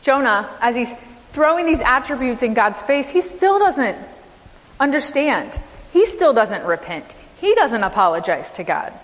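A fairly high-voiced woman preaches with emphatic rhetorical questions, her sermon ringing with the long reverb of a church sanctuary. She speaks as a minister addressing a congregation. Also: big pitch swings, measured pace.

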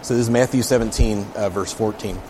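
A man's voice: lowish voice, steady tone, brisk, background noise. A man preaching in a casual, conversational way, reading scripture aloud with emphasis and often checking in with his listeners. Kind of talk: casual Bible teaching.

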